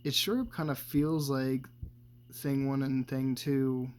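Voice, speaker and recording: A man's voice: medium pitch, little pitch movement, takes it slowly, a little mellow. Brief: male vlogger, casual profane movie rundown, rambling and chuckly. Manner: profane, laughing often, loose and meandering. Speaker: movie commentator.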